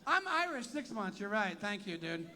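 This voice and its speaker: Brash, high-voiced stand-up comedian. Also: male voice, sing-song, moderate pace, pushed and bright. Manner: brash, profane, teasing the crowd. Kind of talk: stand-up crowd work. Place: tent venue with a live audience.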